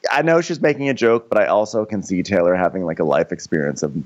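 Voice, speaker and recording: A man's voice: low-pitched, fast talker, lo-fi sound. A man co-hosting a podcast, recapping a TV show with wry, casual storytelling. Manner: wry storytelling, slips into quoted voices. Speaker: podcast co-host.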